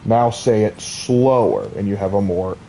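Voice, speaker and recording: A man's voice: fairly low pitch, lively intonation, a little slow, creaky, mellow, slight background noise. A man, chatting and rambling as he streams a game, laughing often. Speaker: gaming streamer. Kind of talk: casual live-stream commentary.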